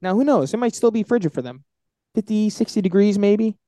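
Male podcast co-host, slightly high, mellow tone, dry close mic, hype-driven picks delivery. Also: a little fast, dry recording. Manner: animated, hyping his picks. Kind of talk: casual sports picks chat.

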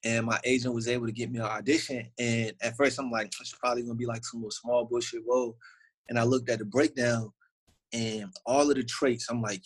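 A man's voice: mid-range voice, flat delivery, brisk, slightly rough, poor audio. A young man from Virginia with a Southern accent, an actor telling stories in a casual interview, loose and slangy with lots of fillers.

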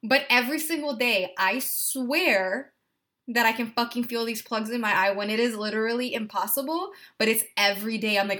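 A woman's voice: fairly high pitch, normal speed, pushed and bright. A woman co-hosting a podcast in casual chat, telling anxious stories and swearing freely. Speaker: podcast co-host.

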